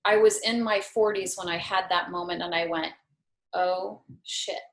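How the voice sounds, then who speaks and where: On a talk show, a yoga teacher in her fifties shares a personal story with earnest reflection and gentle self-deprecation. She speaks fairly quickly in a lowish, steady, fairly bright voice, and the recording is roomy and echoey.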